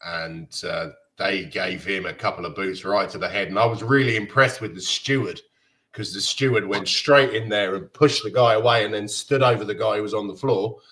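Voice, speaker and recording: Man, host of a fan chat show, mid-pitched, loose and rambling delivery, lots of ums. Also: fairly even intonation, moderate pace, bright, forceful tone. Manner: rambling, full of fillers and restarts. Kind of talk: casual chat about football.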